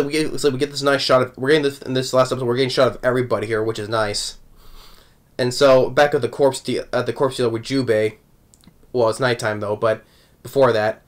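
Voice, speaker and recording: A man recapping an anime episode in a casual, rambling way, chuckling often between thoughts. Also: medium pitch. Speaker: anime reviewer.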